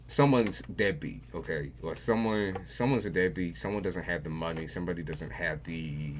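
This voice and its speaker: A man's voice: low-pitched, normal speed, a little hiss or hum. A man giving a tarot reading on a livestream, talking casually and profanely, often repeating phrases for emphasis. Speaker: tarot reader.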